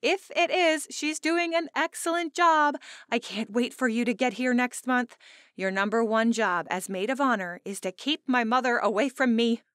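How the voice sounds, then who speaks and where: A woman narrator voicing an excitable young bride-to-be friend in an audiobook, in a lifted, animated voice. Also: normal speed, no echo, studio quality, close to an everyday voice. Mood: exasperated. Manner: animated, exasperated, higher-pitched. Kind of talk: audiobook character voice.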